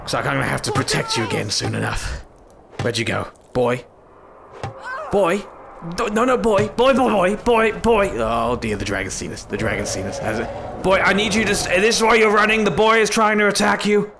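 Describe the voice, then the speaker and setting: Man, gaming commentary, exasperated, scolding, slightly high voice, gravelly. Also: expressive, fairly quick, noisy background. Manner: exasperated, scolding an in-game companion. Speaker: gaming YouTuber. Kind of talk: comedic let's-play commentary.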